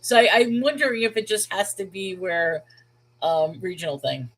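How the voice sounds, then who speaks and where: On a rough recording, a woman runs her channel in easygoing chat, her mid-range voice fairly bright and her pace moderate. She drifts from point to point, stops mid-sentence, and laughs frequently.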